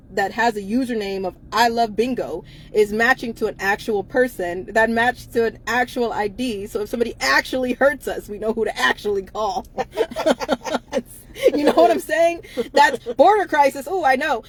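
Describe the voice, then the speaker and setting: Woman live chatting from her car, blunt and emphatic, laughs a lot, bit of engine hum behind. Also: on the high side. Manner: blunt, emphatic, laughs often between lines. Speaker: co-host of a live chat. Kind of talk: casual live-stream chat. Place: inside a car.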